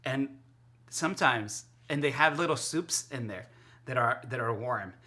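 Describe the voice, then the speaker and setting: A man chatting casually to his stream while cooking in his kitchen, excitable and rambling, often repeating himself. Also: mid-range voice, unhurried. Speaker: live streamer. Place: home kitchen.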